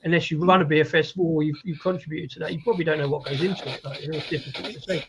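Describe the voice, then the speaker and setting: A man's voice: fairly high pitch, fairly even intonation, very fast, background noise. A man co-hosting a casual beer chat, repeating words as he thinks aloud. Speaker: beer reviewer co-host.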